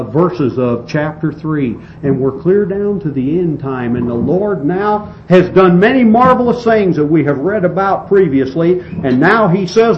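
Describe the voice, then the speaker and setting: A man preaching a sermon, reading scripture and expounding it with slow, emphatic delivery and some restarts. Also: on the high side. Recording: dull lo-fi recording with faint hiss.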